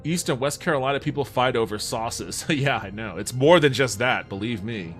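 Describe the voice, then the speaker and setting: A man's voice: medium pitch, animated, moderate pace, faint music behind. Laid-back swearing man streaming. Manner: laid-back and profane, reads chat aloud and answers it. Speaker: livestreamer chatting with viewers. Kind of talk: casual livestream chat.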